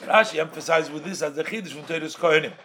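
A man's voice: a little high, fast, fairly bright tone. A man teaching a Torah text, explaining phrases in English mixed with Yiddish and Hebrew terms in a sing-song study cadence. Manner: explains by translating phrases, then restating them. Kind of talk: Talmudic-style study lesson.

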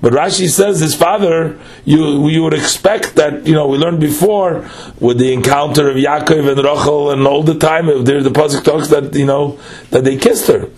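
A man's voice: fairly high pitch, a little mellow. Man explaining text. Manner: reads phrases aloud, then explains them line by line. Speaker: teacher. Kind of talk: text study lesson.

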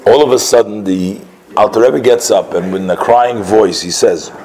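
A man telling a religious story as a lesson, in a halting way with many filler sounds and restarts. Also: on the low side, darkish tone, rough recording.

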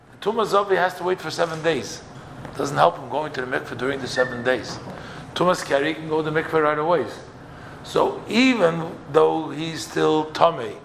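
A man's voice: fairly high pitch, vocal fry, slight background noise. A man teaching a Torah class, explaining texts step by step, quoting each line and then translating it.

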